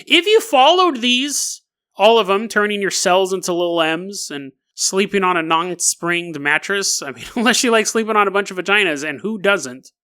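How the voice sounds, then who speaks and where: A man hosting a comedic podcast monologue, talking in an animated, mocking way and laughing often as he reads. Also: high voice, normal speed, clear, resonant tone. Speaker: podcast host.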